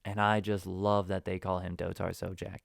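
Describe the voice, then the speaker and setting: A man hosting a casual solo podcast, rambling along and breaking into sudden loud, emphatic bursts. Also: low voice, little pitch movement, moderate pace, vocal fry, no room sound, clean studio sound. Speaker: podcast host.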